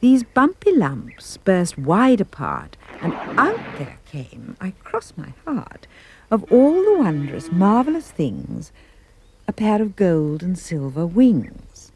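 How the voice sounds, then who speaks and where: A woman giving a playful, expressive reading of comic rhyming verse. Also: slow pace, breathy edge. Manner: animated, playful storytelling with big pitch leaps. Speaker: storyteller.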